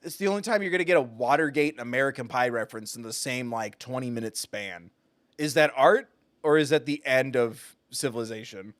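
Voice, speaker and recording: A man's voice: medium pitch, brisk, a bit bright, no echo, studio quality. A man giving live gameplay commentary as a streamer, with joking, sarcastic asides. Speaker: gaming streamer.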